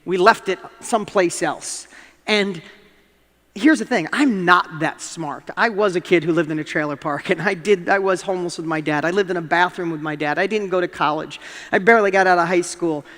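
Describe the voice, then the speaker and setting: A middle-aged man with a fairly high voice gives a motivational talk from a stage. His words carry a long reverb through the large hall. He tells stories with animation and acts out his own lines. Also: normal speed, fairly bright tone. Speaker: motivational speaker.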